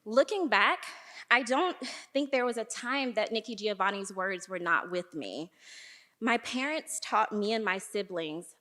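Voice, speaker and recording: A young woman, an archivist, giving a warm, admiring personal introduction with light laughs in a large performing arts hall. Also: medium pitch, lively intonation, measured pace. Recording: distant voice in reverberant hall.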